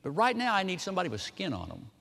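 Grown man putting on a scared little boy, squeaky high wail calling for mama, slow and drawn out, echoey hall. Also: huge pitch swings, vocal fry, pushed and bright, a little hiss or hum, full character voice. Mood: pleading. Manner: high wailing cries. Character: frightened little boy crying for his mother.

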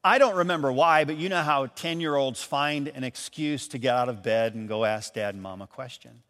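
A man from Michigan preaching a sermon as an animated storyteller, raising his voice when he calls out lines. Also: mid-range voice, normal speed, in a large hall. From Michigan, USA. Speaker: pastor.

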